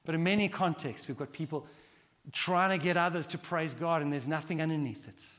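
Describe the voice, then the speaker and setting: A middle-aged man preaching a sermon as pastor, animated and acting out quoted prayers. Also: a little high, brisk. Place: large church hall. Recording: long hall reverb.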